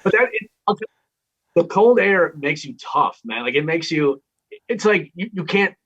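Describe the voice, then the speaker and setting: A man's voice: a little high, lively intonation, moderate pace, fairly bright tone, husky. A man with a Minnesotan accent, a radio host chatting as an interview guest, rambling and laughing often. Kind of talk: casual interview chat. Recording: dull lo-fi remote audio.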